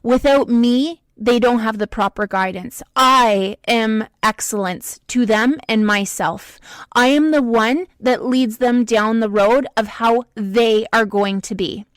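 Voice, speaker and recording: A woman hosting a podcast, giving an emphatic motivational talk to the listener with slow, deliberate stresses. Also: on the high side, no room sound. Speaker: podcast host.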